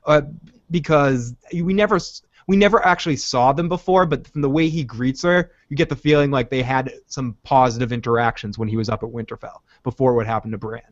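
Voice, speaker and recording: A man co-hosting a casual recap chat, animated, acting out quotes in different voices and laughing often. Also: mid-range voice, fairly quick, no echo. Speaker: podcast co-host. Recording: dull lo-fi audio.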